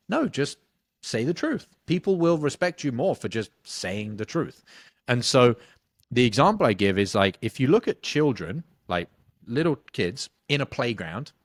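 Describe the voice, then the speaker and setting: A man, a sales coach answering interview questions bluntly, swearing casually and telling animated stories. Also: medium pitch, moderate pace, no echo, clean studio sound.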